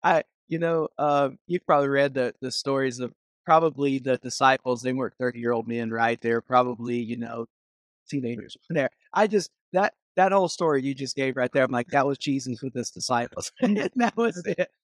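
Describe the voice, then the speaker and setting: A man's voice: mid-range voice, moderate pace, no echo, clean studio sound. A man, a student pastor hosting a podcast, chatting casually and enthusiastically, calling his guest "man" and "dude".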